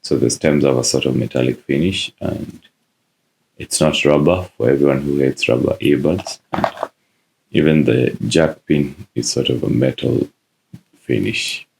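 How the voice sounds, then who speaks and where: A man narrating a phone unboxing in a casual, relaxed way, with frequent "uh" fillers. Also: rumbling low, measured pace, creaky. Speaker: tech reviewer.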